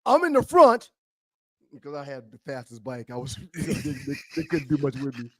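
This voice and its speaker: A man co-hosting a talk show, telling an animated story and acting out a shouting cop. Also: mid-range voice, normal speed. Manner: acts out a cop's voice, loud and shouting.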